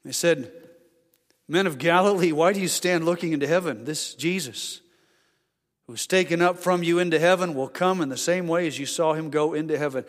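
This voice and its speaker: Male pastor preaching emphatically in a church, with a high voice and a reverberant sound. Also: fairly quick. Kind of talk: sermon. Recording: long hall reverb.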